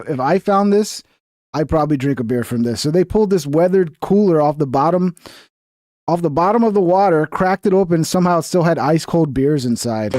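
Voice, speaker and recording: A man's voice: on the high side, darkish tone, no room sound, studio quality. A man streaming reaction commentary on video clips, blunt and profane, lecturing with a laugh.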